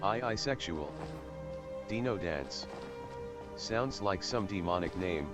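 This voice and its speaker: A man with a very low voice chats playfully on a stream, reading out chat messages and joking around. Music plays clearly behind him. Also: animated, slow, long pauses. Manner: playful, jokey, sing-song repeating.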